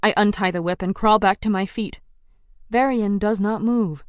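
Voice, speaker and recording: A woman's voice: mid-range voice, normal speed, dry recording, clean studio sound. Woman narrating an audiobook. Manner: tense, dramatic storytelling. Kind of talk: first-person audiobook narration.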